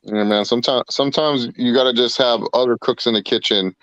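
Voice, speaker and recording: A man's voice: mid-range voice, fairly even intonation, fairly quick, a bit bright, no room sound, highs cut off. A man co-hosting a casual watch-along chat, brash and profane, joking and mocking people. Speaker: podcast co-host.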